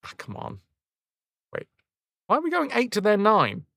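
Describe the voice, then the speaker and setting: A man streaming a game live, chatting to his viewers and cursing at the screen when it goes badly. His voice bounces around in pitch, full of life, and sounds close and dry on the mic. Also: huge pitch swings, normal speed, vocal fry, bright, forceful tone, no room sound. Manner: chatty, talks to viewers, swears when frustrated. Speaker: livestream gamer. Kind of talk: casual live-stream commentary.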